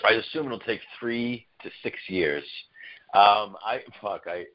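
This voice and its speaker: A man's voice: fairly low pitch, a little slow. A man in casual conversation, joking, laughing often and swearing freely. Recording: dull lo-fi recording.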